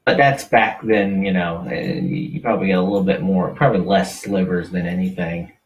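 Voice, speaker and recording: A low-voiced man hosts a radio interview in an easygoing, chatty manner. He sits a little back from the mic, with a faint hiss behind him. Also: normal speed, far from the mic, rough recording. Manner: relaxed, conversational, brief reactions. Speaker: radio host.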